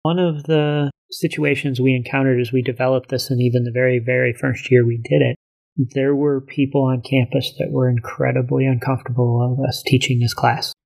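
A man's voice: medium pitch, flat delivery, fairly quick, vocal fry, darkish tone. Man explaining his course plainly. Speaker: college instructor co-teaching a course. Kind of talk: casual conversation.

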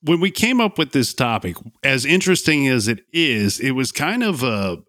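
A man's voice: medium pitch, very animated, normal speed, a bit bright, dry recording, studio quality. A man hosting a casual podcast chat, telling long meandering stories with plenty of fillers. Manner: rambling, meandering storyteller with frequent fillers. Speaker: podcast host.

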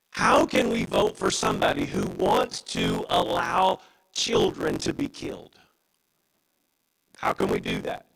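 A man's voice: creaky, a bit bright, slightly rough, low-quality recording. A man preaching a sermon as pastor, impassioned and emphatic. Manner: impassioned preaching with wide pitch swings.

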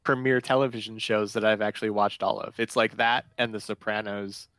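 A man hosts a relaxed podcast conversation with friends. His voice sounds close and dry, with no room echo at all. He rambles, hedges and corrects himself as he goes. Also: fairly low pitch, a little fast. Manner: rambling, self-correcting, unsure. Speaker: podcast host. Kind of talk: casual chat.

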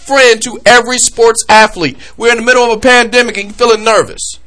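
A man's voice: very high-pitched, a little fast, hardly any pauses. A man hosting a podcast, delivering a heated, comedic rant about sports coverage with lots of energy. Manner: animated, heated ranting. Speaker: podcast host.

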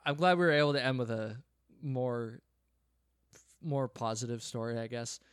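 A man's voice: mid-range voice, normal speed, smooth, no echo, studio quality. A man hosting a podcast who chats in an easygoing way, laughs along with his guest and wraps up the episode. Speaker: podcast host. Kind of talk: casual interview chat.

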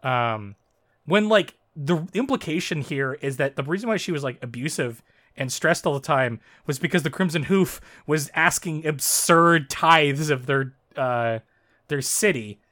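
A man co-hosting a casual discussion of a fan story, talking in animated, frustrated bursts full of fillers. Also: on the high side, a little slow. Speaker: podcast co-host.

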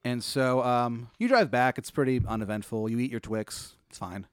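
A man hosting a comedy podcast who tells an improvised story in a deadpan, rambling way with lots of fillers. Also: mid-range voice, moderate pace, smooth, no echo, clean studio sound. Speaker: podcast host.

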